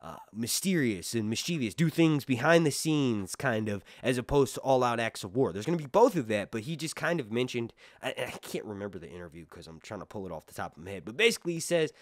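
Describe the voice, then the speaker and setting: Animated rambling male show reviewer. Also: medium pitch, quick pace, few pauses, no room sound, studio quality. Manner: rambling, many fillers and restarts, animated bursts. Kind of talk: casual off-the-cuff commentary.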